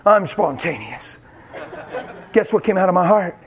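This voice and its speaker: A man's voice: high-pitched, animated, a little slow. A man preaching a sermon, telling his own testimony with emotion and acting out the voices in it. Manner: dramatic, acts out voices, cries out.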